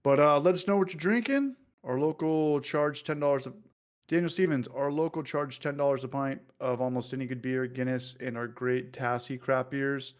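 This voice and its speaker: A man's voice: mid-range voice, normal speed. Guy hosting a beer stream, loose and jokey, reads out chat comments. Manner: loose and joking, reads viewer comments aloud. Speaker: livestream host. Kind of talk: casual livestream chat.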